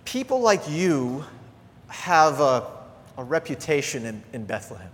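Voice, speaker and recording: A middle-aged man preaching a sermon as a pastor, animated and earnest, dropping into soft, quiet asides. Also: mid-range voice, a little slow. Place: church sanctuary. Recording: long church hall reverb.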